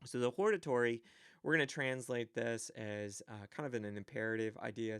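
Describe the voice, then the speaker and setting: A man's voice: mid-range voice, normal speed, gravelly, a bit bright, clean tone, dry recording, studio quality. A man teaching a recorded grammar lecture, explaining step by step with frequent fillers. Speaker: Greek teacher.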